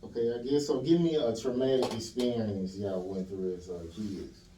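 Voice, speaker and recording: A man's voice: fairly low pitch, fairly even intonation, moderate pace, mellow. A man hosting a podcast in a loose, slangy way, with lots of filler phrases as he asks questions. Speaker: podcast host. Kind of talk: casual interview chat. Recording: roomy room, distant mic, faint hiss.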